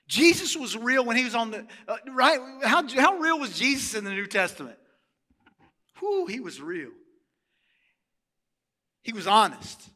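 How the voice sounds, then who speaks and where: A middle-aged male pastor preaching a sermon in a church, animated and asking the congregation questions. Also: very high-pitched, normal speed, in a large hall.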